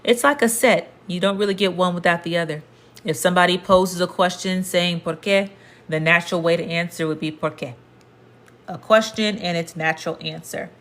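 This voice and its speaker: A woman's voice: on the low side, fairly bright tone. A woman teaching a casual language lesson, explaining patiently and repeating points to the viewer. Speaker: Spanish teacher.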